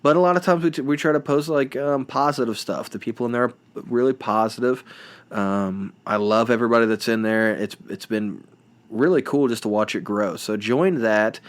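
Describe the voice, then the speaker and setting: A man's voice: mid-range voice, moderate pace. Rambling podcast host, self-deprecating man. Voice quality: rambling, self-deprecating, frequent restarts and fillers. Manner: playful mimicking of reality show voices.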